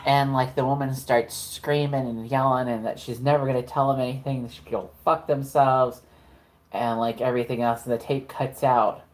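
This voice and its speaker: A woman's voice: a bass voice, steady tone, normal speed. A woman narrating a tabletop horror game as game master, casual and profane, with lots of "like" fillers.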